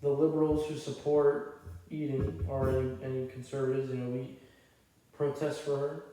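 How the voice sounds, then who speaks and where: A man's voice: medium pitch, level tone, moderate pace, dark tone. A man co-hosting a podcast in casual chat, agreeing with the host and backing him up. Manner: agreeable, backs up the host with short replies. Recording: echoey room with faint noise.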